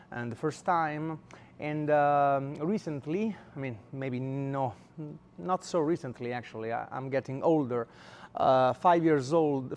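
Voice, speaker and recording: A man's voice: medium pitch, a little hiss or hum. A man from Italy with an Italian accent, giving a university lecture and speaking hesitantly with many filler sounds. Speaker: guest lecturer. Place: lecture room.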